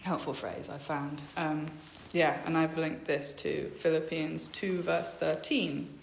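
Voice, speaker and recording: A young woman tells her faith story in a flat, level voice, pausing often and filling gaps with ums. She reads verses aloud between her own thoughts. The room around her gives a clear echo. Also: deep voice, a little hiss or hum. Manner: hesitant, many ums, reads out Bible verses. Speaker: speaker sharing a faith testimony. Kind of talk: personal faith testimony. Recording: echoey room.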